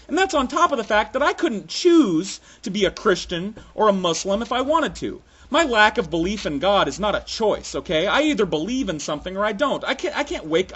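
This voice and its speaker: Sarcastic, profane man with a lively voice. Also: high voice, husky. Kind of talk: sarcastic comic rant to camera.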